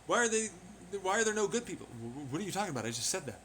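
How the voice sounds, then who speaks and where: A man's voice: high voice, big pitch swings, rapid-fire, fairly bright tone, slight background noise. A man rambling in a profane monologue, firing off rhetorical questions. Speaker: vlogger.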